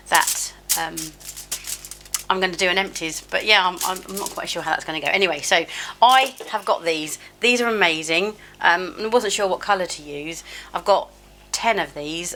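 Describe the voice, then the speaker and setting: A woman's voice: fairly low pitch, noisy background. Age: 50s. Sex: woman. Style: chatty skincare vlog. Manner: chatty, self-deprecating, laughs at herself. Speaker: beauty vlogger. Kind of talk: casual skincare tutorial chat. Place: home, at a sink. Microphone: camera close up.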